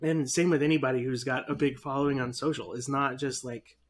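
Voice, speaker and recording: A man's voice: medium pitch, steady tone, brisk. A man co-hosting a casual chat podcast, speaking earnestly and matter-of-factly. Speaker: podcast co-host.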